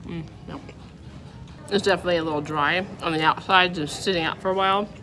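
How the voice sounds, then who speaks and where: A woman's voice: on the low side, fairly even intonation, quick pace, pushed and bright. A woman food vlogger tasting dishes at a restaurant, talking candidly and scoring each one out of ten. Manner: chatty, candid, rates each dish out of ten. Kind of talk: casual food review. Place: restaurant dining room. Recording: restaurant background noise.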